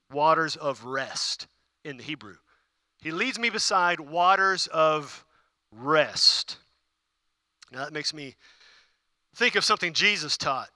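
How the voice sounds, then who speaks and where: A man's voice: fairly high pitch, bright, forceful tone, no echo, clean studio sound. A male pastor giving a conversational sermon, repeating key phrases and putting questions to the congregation.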